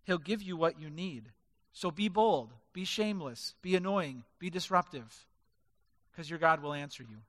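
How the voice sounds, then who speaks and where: High-voiced, emphatic male preacher. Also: normal speed, a bit bright. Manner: emphatic, drives points home with stacked word lists. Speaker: pastor. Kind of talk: sermon. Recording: reverberant hall.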